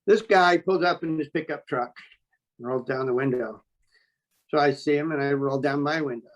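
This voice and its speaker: A man telling a story as an interview guest, talking in a blunt, animated way and swearing freely. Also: fairly high pitch, moderate pace. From New York State. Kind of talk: casual storytelling.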